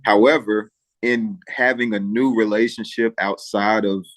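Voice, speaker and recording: Deep-voiced man, emotional and halting. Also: steady tone, no room sound. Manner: emotional, halting, with frequent pauses and restarts; preacher-like encouragement to listeners. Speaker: interview guest. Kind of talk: earnest interview talk.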